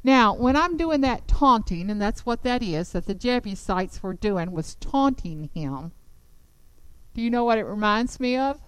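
A woman teaches a Bible lesson, retelling the story with emphatic, animated delivery. Her voice sits fairly high and sounds smooth and resonant. The sound is close and dry. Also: a little slow, dry recording, poor audio.

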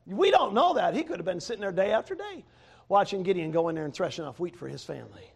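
Guy preaching, high voice, gets loud then drops real quiet, lots of chuckles. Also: fast talker, vocal fry, slightly rough. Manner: animated, swings from loud to quiet, laughs between points. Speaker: preacher, former pastor. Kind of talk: sermon.

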